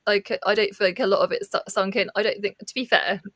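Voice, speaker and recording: A woman's voice: mid-range voice, fairly even intonation, fast talker, a bit bright, no room sound. A chatty woman talks about books in a livestream, bubbly and giggly, tripping over her words. Her voice sits mid-range, and the sound is dry and close. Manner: bubbly, giggly, lots of fillers. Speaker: co-host of a reading livestream. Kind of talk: casual chat.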